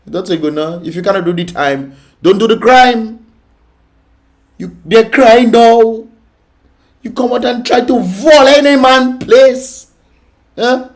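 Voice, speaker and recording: Reacting to videos on his vlog, this man mocks and scolds them with frequent bursts of laughter. His voice is very high-pitched, and he speaks a little slowly, leaving long pauses.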